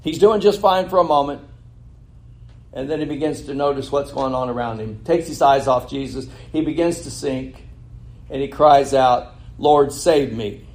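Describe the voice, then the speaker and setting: In a mid-range, darkish voice at a moderate pace, a preacher reads from scripture, recasts the passage in plain terms, and throws out rhetorical questions. When he slips up, he laughs and corrects himself.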